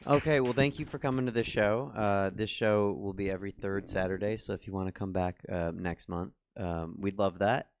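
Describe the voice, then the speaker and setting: Deep, gravelly man closing a show. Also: fairly even intonation, normal speed, hardly any pauses, a little hiss or hum. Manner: loose, hesitant, many "uh"s. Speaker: show host. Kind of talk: wrapping up a comedy show.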